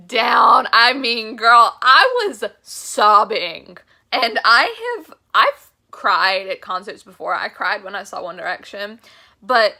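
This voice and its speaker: A woman's voice: mid-range voice, pushed and bright. A young woman vlogger telling a concert story in a chatty, gushing way, full of "like" fillers. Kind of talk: casual storytelling vlog.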